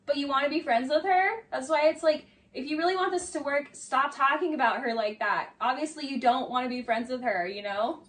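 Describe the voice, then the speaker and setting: Woman commentator, high voice, chatty and sarcastic, mic set slightly away. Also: fairly quick, hardly any pauses, a bit bright, far from the mic. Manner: chatty, many "like"s, mocking asides. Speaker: video essay commentator. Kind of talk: casual commentary.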